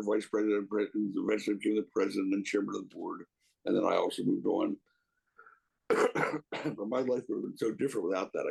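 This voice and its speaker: Middle-aged man, low husky gravelly voice, rambling emotional interview guest. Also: a little mellow, rough recording. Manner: rambling, emotional, many restarts. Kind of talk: casual reminiscing interview.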